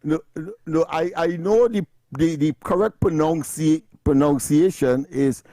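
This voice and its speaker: A Trinidadian man co-hosts a radio call-in, teasing and laughing as he talks over the caller. His voice sits a little high. The studio sound is dry and close. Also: unhurried, warm tone, dry recording. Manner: playful, laughs a lot, talks over others. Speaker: radio co-host. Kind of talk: casual call-in banter.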